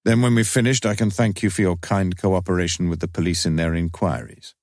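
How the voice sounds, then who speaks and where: A man voicing a cultured, authoritative older police inspector with a sharp, dry manner. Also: sits low, fairly even intonation, brisk, no room sound. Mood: probing.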